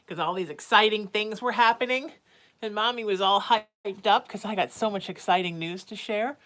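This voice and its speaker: A woman's voice: medium pitch, a bit bright. A woman psychic hosting a casual livestream from home. She chats with viewers and coos sing-song baby talk to her cat.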